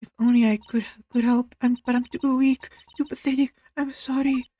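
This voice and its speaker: A player voicing a timid, self-blaming young woman on trial, in a high, small, apologetic voice for a fan visual novel. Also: level tone, moderate pace, dark tone. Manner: meek, tearful pleading.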